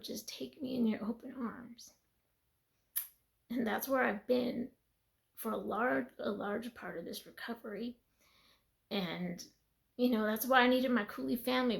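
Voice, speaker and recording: A woman with a somewhat high, gravelly voice shares a personal faith testimony in an earnest, conversational way. She sounds tired and teary, laughing softly at times and sometimes trailing off into a whisper.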